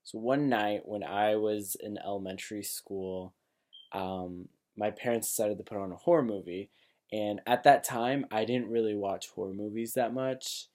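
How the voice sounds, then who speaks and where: A young man casually telling a personal story to camera, animated, laughing often and full of filler words. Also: on the low side, moderate pace. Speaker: vlogger.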